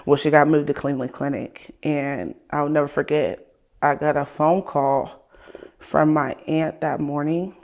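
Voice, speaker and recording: Gravelly-voiced woman telling her story. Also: sits low, steady tone, a little slow. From Ohio. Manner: candid, casual, drifting into a soft trailing voice. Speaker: guest. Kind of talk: emotional personal interview.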